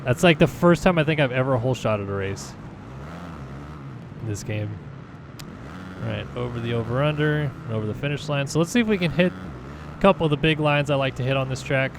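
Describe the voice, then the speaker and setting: A man from California giving relaxed, chatty commentary over his racing game, thinking aloud with lots of fillers. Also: medium pitch, a little fast, pauses often, background noise. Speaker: gaming channel host. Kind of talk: casual gameplay commentary.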